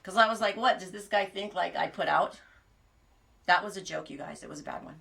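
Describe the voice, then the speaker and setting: A woman's voice: lowish voice, fairly quick, vocal fry, a bit bright. A woman hosting a podcast, chatting casually and rambling through stories, laughing at her own jokes. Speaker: podcast host. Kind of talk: casual chat.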